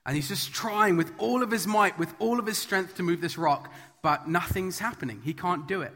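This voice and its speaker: This man's voice is high and fairly bright, moving at normal speed as he gives a sermon framed as a children's message. Earnest and emphatic, he relies on repetition to build his points, and the large church hall produces a long reverb.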